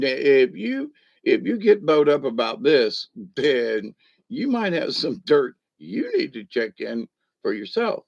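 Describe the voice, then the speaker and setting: A man's voice: medium pitch, sing-song, slow, creaky. An older man, talking casually as a spiritual teacher, rambling and folksy with many asides. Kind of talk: casual spoken talk. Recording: dull lo-fi recording.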